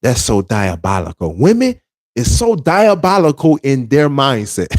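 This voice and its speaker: A man's voice: medium pitch, sing-song, unhurried, a little mellow. A man giving relationship advice to other men in an emphatic, preachy monologue, repeating his points. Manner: emphatic, repetitive, street-preacher cadence.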